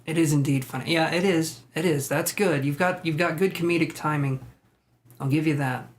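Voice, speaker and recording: A man's voice: fairly high pitch, moderate pace. Joking man hosting a live stream. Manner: joking, laughing, swearing freely. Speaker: tarot reader and live-stream host. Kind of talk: casual live-stream chat reacting to viewers.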